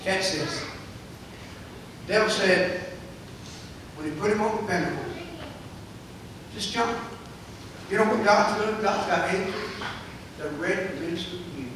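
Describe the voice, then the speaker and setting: Male pastor, sermon delivery; bright, tense tone; very echoey sanctuary with faint background noise. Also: sits high, normal speed, long pauses. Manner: preaching with swelling, shouted climaxes. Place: church sanctuary. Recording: echoey church hall, mic far off.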